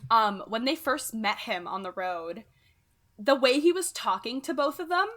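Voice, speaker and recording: A woman co-hosts a podcast in relaxed, casual chat, tossing in quick asides and apologies. Her voice is fairly high and bright.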